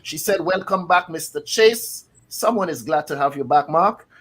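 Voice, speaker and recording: A man's voice: fairly high pitch, expressive, normal speed, a bit bright. A man co-hosting a casual online panel discussion, greeting viewers and reading out their comments in a playful way. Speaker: co-host.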